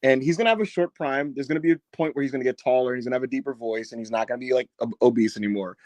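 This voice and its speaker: A man co-hosting a wrestling podcast, telling stories in casual chat and loudly mimicking other fans. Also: mid-range voice, rapid-fire, no echo. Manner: animated storyteller, loud impressions of fans. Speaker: podcast co-host. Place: in Newark.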